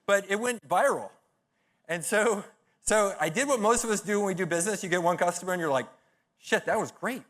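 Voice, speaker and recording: Energetic middle-aged man giving a talk. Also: high voice, brisk. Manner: punchy storytelling with blunt, profane humor. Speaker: conference speaker.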